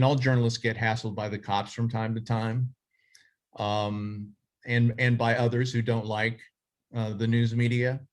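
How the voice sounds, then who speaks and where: A middle-aged man who leads a journalism association, speaking in a casual, rambling way full of fillers and restarts. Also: on the low side. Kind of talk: casual reflective talk.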